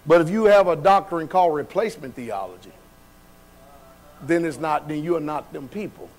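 A man's voice: fairly high pitch, lively intonation, normal speed, low-quality recording. A male pastor preaching a sermon in a church, putting questions to his congregation and talking in a loose, colloquial way. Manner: colloquial, laughs at his own remarks, shifts between loud and quiet. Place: church sanctuary.

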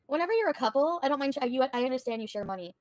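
A woman's voice: high-pitched, lively intonation, rapid-fire, no room sound. A woman livestreaming, bluntly and profanely venting to her chat. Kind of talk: casual livestream rant to chat.

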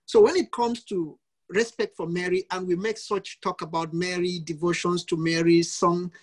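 A man's voice: high voice, little pitch movement, moderate pace. A male priest giving a teaching talk in an online session, emphatic and fond of repeated lists of examples.

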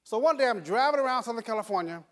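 Speaking rapid-fire with lively intonation, this older man from the United States addresses an audience with a motivational talk. His very high voice carries emphatic repetition, and he laughs softly as he tells his stories.

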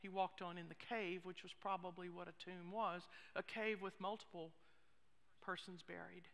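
A woman pastor preaching a sermon, expressive, with hushed asides. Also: lowish voice, normal speed. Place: church sanctuary. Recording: long reverb of a church hall.

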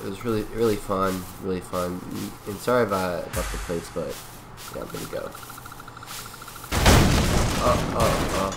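A man's voice: sits low, animated, normal speed, creaky, long pauses, music in the background. A man giving goofy, rambling gameplay commentary, playing along in character with mock-serious speeches. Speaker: gameplay video creator.

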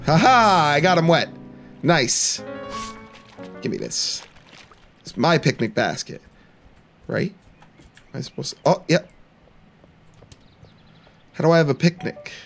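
Young male let's-player, gravelly, unhurried delivery, wide lively pitch, playful and taunting with frequent laughs. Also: soft background music. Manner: playful, laughs a lot, mock-taunts game characters. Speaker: gaming channel host. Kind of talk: let's play commentary.

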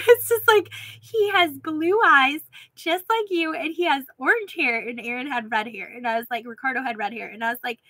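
High bright-voiced woman ranting. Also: no room sound, rough recording. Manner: chatty, filler-heavy, laughs while telling. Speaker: vlogger. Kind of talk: casual storytelling rant.

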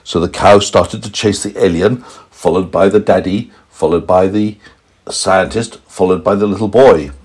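A man's voice: moderate pace, husky. A man improvising a playful bedtime story for a small child at home. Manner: animated, playful, pitch swooping for emphasis. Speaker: parent storyteller.

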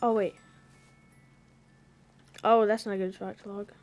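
A woman streaming a video game, chatting casually as she plays, swearing freely and now and then breaking into loud panicked yelling. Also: mid-range voice, little pitch movement, a little slow, soft background music. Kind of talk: casual gaming commentary.

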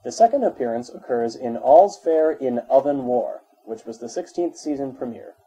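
A man reading an encyclopedia article aloud in a measured, even way. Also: mid-range voice, breathy edge, poor audio. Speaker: narrator.

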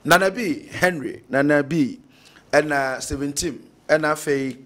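A man's voice: a little high, measured pace, a bit bright. A Ghanaian man hosting a radio talk show, chatting casually, laughing often and reading out listener messages.

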